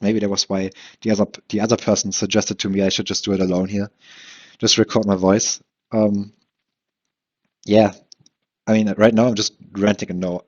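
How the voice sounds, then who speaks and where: A man's voice: fairly low pitch, slightly rough. Young man rambling on a lo-fi podcast. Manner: rambling, with frequent fillers, restarts and laughs; swears casually. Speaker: solo podcast host. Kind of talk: rambling solo podcast monologue.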